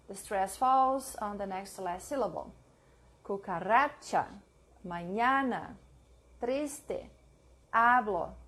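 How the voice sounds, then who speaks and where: A young woman teaching a pronunciation lesson, reading each example word slowly and carefully, often repeating it. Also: on the high side. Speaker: language teacher.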